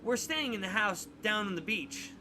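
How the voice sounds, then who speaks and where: A man's voice: high-pitched, expressive, moderate pace, noisy background, voice pushed up. A man doing a nervous young boy. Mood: urgent. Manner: explaining earnestly.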